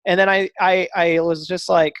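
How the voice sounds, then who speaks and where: Lively man telling a story in a dry room. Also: sits high, moderate pace, no room sound. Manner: animated, acts out dialogue with fillers and restarts. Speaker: podcast guest. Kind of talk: casual storytelling interview.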